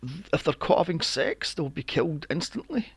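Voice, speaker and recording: A man co-hosts a casual movie podcast, swearing freely and sounding incredulous as he fires off rhetorical questions. His voice is a little high, sing-song, a bit bright, and slightly rough, at a moderate pace in a dry recording.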